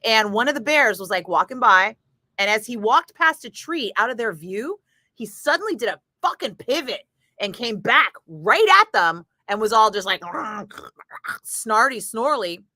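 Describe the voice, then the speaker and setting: A woman radio DJ chatting casually between on-air segments, telling stories in an animated way, laughing and swearing freely. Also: a little high, normal speed, no echo. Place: radio studio.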